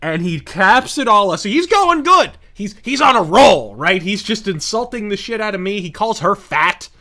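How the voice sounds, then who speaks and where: A high-pitched man tells a story, cursing freely and laughing. His pitch swings widely and his tone is bright and sharp. He speaks in a casual gaming-commentary style. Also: normal speed. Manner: profane, animated, laughing anecdote. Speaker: host.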